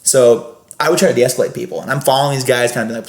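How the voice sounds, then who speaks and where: A man tells a story on a podcast, rambling with many restarts and fillers. He talks at a rapid clip. The room adds a noticeable echo. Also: medium pitch, a little hiss or hum. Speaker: podcast guest, former scare actor. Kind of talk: casual storytelling in a podcast chat. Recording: roomy echo.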